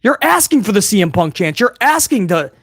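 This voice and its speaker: A fairly high-pitched man chats excitedly to his viewers on a live stream, casual and profane, tossing in "bro" and "man." The sound is close and dry, with no room around it. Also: fairly quick, slightly rough, no echo. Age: older adult fan. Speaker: livestream host reacting to wrestling. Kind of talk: live reaction stream commentary.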